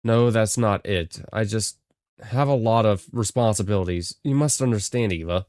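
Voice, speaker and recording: A man's voice: lowish voice, moderate pace, darkish tone, no room sound, clean studio sound, natural voice. A man playing a guilty, pleading father. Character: guilty middle-aged father making excuses.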